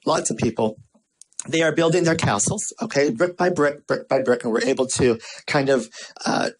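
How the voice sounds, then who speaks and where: A man giving a motivational marketing talk, animated and repetitive, telling stories with playful asides. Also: medium pitch, normal speed, low-quality recording. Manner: lively, repetitive, storytelling delivery with playful asides. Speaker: marketing speaker.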